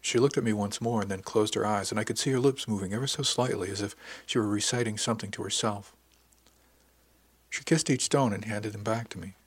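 A man reading a first-person sci-fi story in a calm, measured narration. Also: lowish voice, husky, no room sound. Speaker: audiobook narrator.

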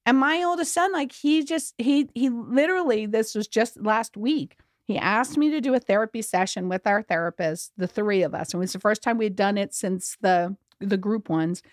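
A woman's voice: medium pitch, moderate pace, hardly any pauses, no room sound, clean studio sound. A middle-aged woman, a grief educator guest, telling her story candidly in an earnest, emphatic way on a podcast. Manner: earnest and emphatic, with many restarts.

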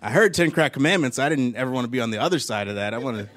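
A man's voice: medium pitch, animated, rapid-fire, a bit bright. A man working through a stand-up set on a live stage. He tells loose, rambling stories into a handheld mic and keeps breaking into his own laughter. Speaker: stand-up comedian. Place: live comedy stage before an audience.

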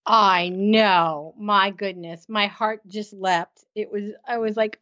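A woman's voice: mid-range voice, fairly even intonation, measured pace, few pauses, a bit bright. A woman co-hosting a casual episode recap, enthusiastic and laughing often. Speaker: podcast co-host. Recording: slightly muffled sound.

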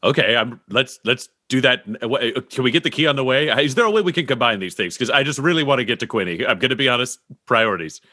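A man's voice: mid-range voice, very animated, racing, hardly any pauses, sharp tone. A man playing a tabletop game, eager and restarting his phrases. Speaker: player.

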